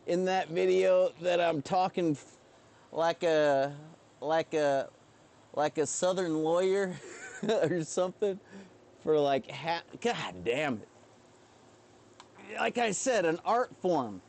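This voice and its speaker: Rambling, joking man, somewhat high voice. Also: darkish tone. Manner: rambling, profane, joking, self-deprecating. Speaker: streamer. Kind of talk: rambling live-stream monologue.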